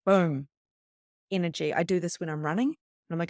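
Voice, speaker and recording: A middle-aged woman, a spiritual coach, teaching a live online workshop in a chatty, animated way that acts out her own panic. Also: on the low side, moderate pace, dry recording, clean studio sound.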